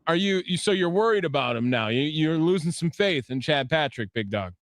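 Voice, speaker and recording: A man's voice: a little high, lively intonation, a little fast, no echo. A man hosting a call-in sports radio show from a studio, upbeat and chatty with callers. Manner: upbeat, keeps calling the caller by nickname. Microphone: studio microphone.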